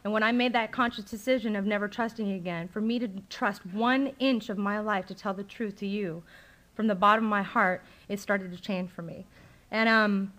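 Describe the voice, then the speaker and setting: A woman's voice: mid-range voice, fairly even intonation, normal speed, fairly bright tone. A young adult woman speaking at a recovery meeting, telling her own story candidly and with feeling, with many fillers. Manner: candid and emotional, with frequent fillers.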